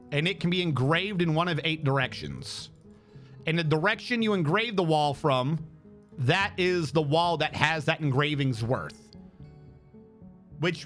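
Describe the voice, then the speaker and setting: Rambling excitable male streamer. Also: a little high. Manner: rambling, excitable, lots of fillers. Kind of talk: casual gameplay commentary.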